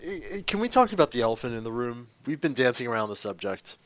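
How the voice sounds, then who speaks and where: A man co-hosting a casual podcast chat, making dry, deadpan remarks. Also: medium pitch, quick pace. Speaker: podcast co-host.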